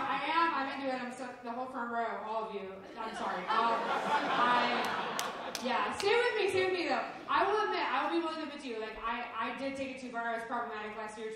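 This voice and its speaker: A woman's voice: a little high, background noise. A woman in her thirties doing a self-deprecating stand-up set, now and then breaking into belted song. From Chicago area. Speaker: stand-up comedian. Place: comedy club stage. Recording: very echoey club from far off.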